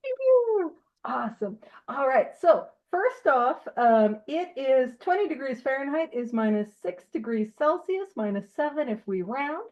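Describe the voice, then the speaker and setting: A woman's voice: high-pitched, expressive, moderate pace, few pauses, a little mellow. A woman co-hosting an online recovery book study, chatting in an upbeat, jokey way. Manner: upbeat, jokey, laughs often. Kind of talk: casual online meeting talk.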